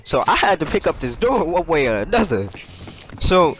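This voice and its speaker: Brief: young male gamer, high-ish animated voice, slangy storytelling, game gunfire underneath. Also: normal speed. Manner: loose, slangy, laughs often. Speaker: gaming YouTuber. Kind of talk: casual storytelling over gameplay. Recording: game gunfire noise behind voice. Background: video game gunfire and clicks.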